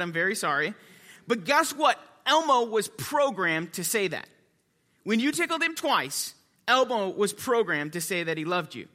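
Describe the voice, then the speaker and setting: A male pastor delivers a sermon in a church sanctuary, his voice high and ringing. He shifts between earnest teaching and playful, animated asides. A long reverb from the hall trails behind his words. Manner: animated, jokey asides, quiet reverent prayer.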